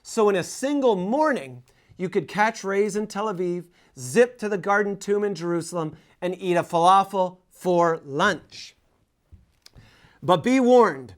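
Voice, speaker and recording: A man hosting a scripted travel talk, listing places in a lively, humorous way. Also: sits high, unhurried. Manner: lively, humorous list-making. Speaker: host.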